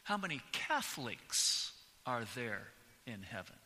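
A man's voice: medium pitch, big pitch swings, a little slow, pushed and bright, exaggerated voice. A man preacher voicing a proud, staunch, conservative churchgoing man who asks questions with astonished surprise. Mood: inquiring. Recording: long church reverb.

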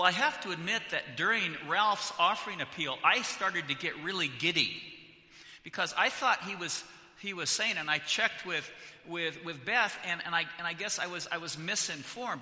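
A middle-aged pastor from California, his voice high, bright, and forceful, speaks at a moderate pace with animated delivery. In the church sanctuary, with the hall's reverb around him, he makes chatty, joking announcements, restarting often, before opening his sermon.

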